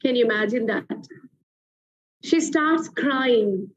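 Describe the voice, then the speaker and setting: A woman's voice: a little high, slow pace, a little hiss or hum. A woman hosting a show, telling a motivational story with emphatic repeated phrases, in a muffled lo-fi recording. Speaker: TV show host.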